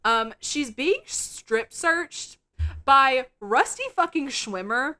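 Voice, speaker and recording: A woman co-hosting a podcast, retelling a film scene in a profane, animated chat. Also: high-pitched, slow. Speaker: podcast co-host. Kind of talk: casual movie-review chat.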